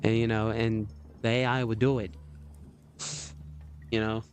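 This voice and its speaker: A man's voice: fairly low pitch, flat delivery, a little slow. A man hosting a livestream, chatting casually, rambling with lots of fillers and laughs. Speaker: livestream host.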